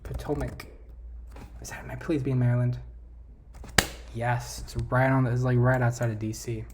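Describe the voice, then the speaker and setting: Vlogger, casual thinking-aloud chatter, mid pitch, light hiss underneath. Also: level tone, moderate pace. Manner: thinking aloud, trailing off, self-correcting. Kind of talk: casual talk over a map quiz game.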